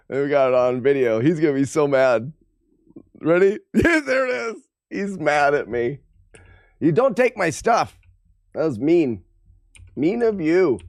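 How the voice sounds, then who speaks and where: A man's voice: high voice, no echo, studio quality. A man streaming a game live, talking to his chat with playful trash talk. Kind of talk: live gameplay commentary to chat.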